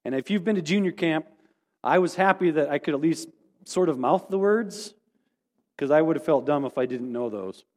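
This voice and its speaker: A man's voice: a little high, normal speed, a little mellow. A man as pastor, giving a casual, rambling, self-deprecating sermon report. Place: church sanctuary. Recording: long hall reverb.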